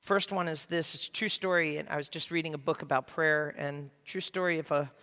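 A male pastor preaching a sermon, passionate and swinging from quiet to loud. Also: on the high side, steady tone, brisk, long reverb tail. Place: church sanctuary.

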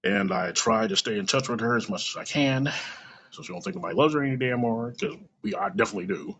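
A middle-aged man hosts a podcast in a casual monologue, telling stories bluntly and with plenty of profanity. His mid-range, fairly bright voice moves quickly, with big pitch swings and vocal fry, captured on a dull lo-fi recording.

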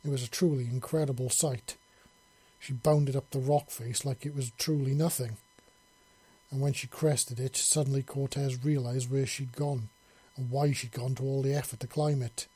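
A man narrating an audiobook story in a steady storytelling manner. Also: medium pitch, normal speed, breathy edge.

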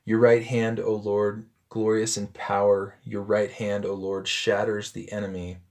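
Low-voiced man reading scripture. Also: level tone, measured pace, darkish tone. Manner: conversational, with frequent ums and self-corrections. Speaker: Bible teacher.

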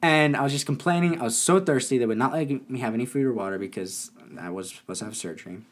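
A young man casually telling a story, animated and often laughing. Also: medium pitch, fast.

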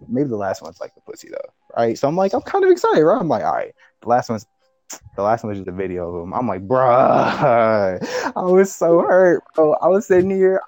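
A man's voice: medium pitch, darkish tone, no echo. A young man tells a story in loose, slangy chat, swinging his voice up and down. He laughs often and acts out both sides of the conversation. The sound is close and dry. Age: young adult. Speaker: podcast co-host.

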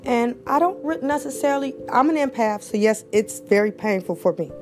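A woman's voice: on the high side, expressive, brisk, over music. A middle-aged woman hosting a podcast, speaking emotionally and near tears, with heartfelt, preacher-like repeated phrases and a prayer. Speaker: podcast host.

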